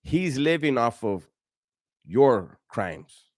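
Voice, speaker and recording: A man's voice: medium pitch, sing-song, drawn-out words, no room sound, studio quality. A middle-aged man hosting a casual livestream, telling stories and answering viewers in profane street slang with many restarts. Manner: profane, slang-heavy storytelling, frequent restarts. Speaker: livestream host. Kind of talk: casual livestream chat reading viewer donations and comments.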